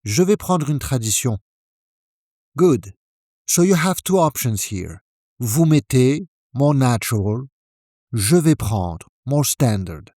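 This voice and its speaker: A man calmly narrating a scripted language lesson, demonstrating French phrases with deliberate delivery. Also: mid-range voice, no echo, clean studio sound.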